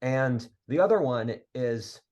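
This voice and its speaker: A man's voice: medium pitch, expressive, slow pace, a little mellow. A man in his twenties from outside Philadelphia, a podcast guest talking earnestly in long rambling tangents. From area outside Philadelphia, USA. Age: 20s. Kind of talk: casual interview talk.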